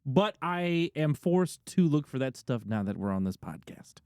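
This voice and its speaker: A man's voice: mid-range voice, big pitch swings, normal speed, a little mellow, clear, resonant tone, no echo, studio quality. A man co-hosting a movie review podcast, chatting casually in joking, profane banter. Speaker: podcast co-host. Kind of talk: casual chat.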